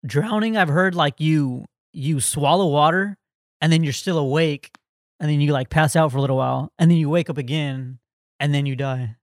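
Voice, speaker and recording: A man's voice: a little high, moderate pace, no echo, studio quality. A man co-hosting a podcast, telling a story in a rambling casual way with lots of "like". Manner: rambling, full of "like" and "um". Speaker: podcast co-host.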